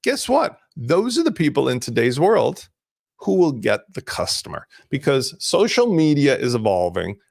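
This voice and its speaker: Gravelly, lively man hosting a webinar. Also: medium pitch, normal speed, no room sound, studio quality. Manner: energetic, conversational, jumps between examples and screen-sharing. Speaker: host of a live business webinar. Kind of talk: casual live webinar teaching.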